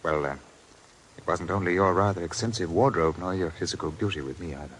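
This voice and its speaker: An actor playing a gallant, stammering lord in a 1940s radio drama. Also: male voice, deep voice, fast talker, slight background noise, close to an everyday voice. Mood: tender. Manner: fussy and stammering. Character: gallant, flustered English lord in love.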